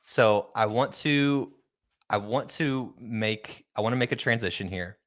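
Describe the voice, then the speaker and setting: A man hosts a podcast in a relaxed chat, his throat irritated so he keeps clearing it. He asks the guest several questions in quick bursts. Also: fairly low pitch. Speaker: podcast host and interviewer. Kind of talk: casual conversation.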